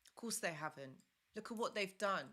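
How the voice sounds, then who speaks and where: A woman's voice: medium pitch, animated, normal speed, bright, forceful tone. A young woman hosting a live stream, giving earnest, repetitive advice and stopping to thank viewers. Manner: earnest, repetitive, reads comments aloud. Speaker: live stream host, relationship advisor.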